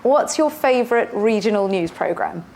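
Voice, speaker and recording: A woman's voice: medium pitch, lively intonation, moderate pace, gravelly, a little mellow, slight background noise. A woman interviewer asking breezy, lightly teasing questions. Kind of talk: casual interview.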